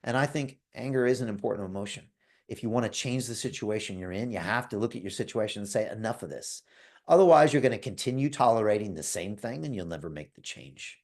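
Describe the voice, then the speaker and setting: The host of a live call pushes an investment club with a fast, animated, emphatic motivational pitch in a somewhat dark tone. He names listeners one by one and repeatedly asks "right?"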